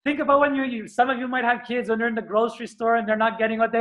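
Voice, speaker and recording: A man's voice: very high-pitched, rapid-fire, hardly any pauses, lo-fi sound. Earnest man giving a spiritual talk. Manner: earnest, animated, acts out screams and stomps. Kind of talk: motivational talk.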